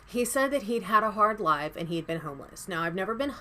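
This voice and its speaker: A woman's voice: medium pitch, lively intonation, a little fast, sharp tone. A woman vlogger delivering a heated, profane commentary rant with angry emphasis.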